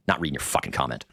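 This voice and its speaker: A man's voice: medium pitch, a bit bright, no room sound, clean studio sound. A man hosting a watch party, giving blunt, sarcastic reaction commentary. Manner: blunt, sarcastic put-downs. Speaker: stream host reacting to clips.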